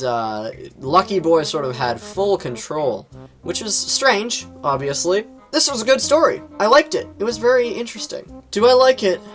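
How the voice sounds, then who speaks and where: A man casually reviewing books on his channel, rambling, with lots of fillers and quick jumps in pitch. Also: a bit bright. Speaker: book reviewer.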